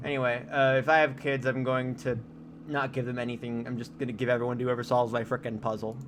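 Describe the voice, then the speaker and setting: A man's voice: mid-range voice, little pitch movement, quick pace, slight background noise. A young man streaming a game from home on a desk mic, chatting casually, joking and often going off on tangents, with keyboard typing now and then. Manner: chatty, joking, easily sidetracked. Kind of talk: casual live-stream commentary.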